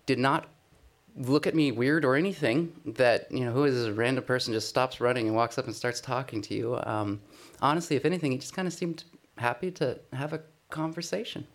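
A man giving a conversational sermon, telling a personal testimony in an earnest, self-deprecating way. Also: medium pitch. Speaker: speaker sharing a personal testimony.

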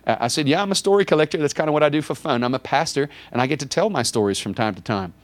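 A man's voice: medium pitch, fast talker, no room sound. Pastor guy telling a story from the pulpit, voice bounces all over, does little voices for god and himself. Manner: animated, acts out dialogue with God in raised voices. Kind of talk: storytelling sermon.

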